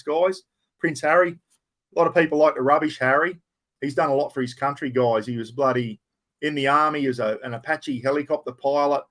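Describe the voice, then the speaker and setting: A man's voice: mid-range voice, fairly bright tone. An Australian man hosting a casual livestream chat, rambling and blunt, often calling his viewers mate. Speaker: livestream host.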